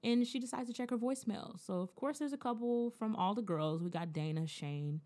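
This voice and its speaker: A woman in casual chat, recapping a TV episode in a blunt, profane, animated way. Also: fairly high pitch, fairly quick.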